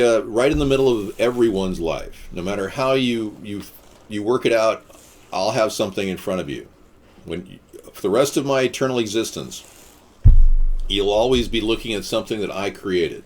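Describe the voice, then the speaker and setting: A man hosts a casual live stream, reading and answering viewer comments. His voice sits fairly low but swings widely in pitch as he rambles, mixing deadpan jokes with rants. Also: normal speed. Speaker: livestream host.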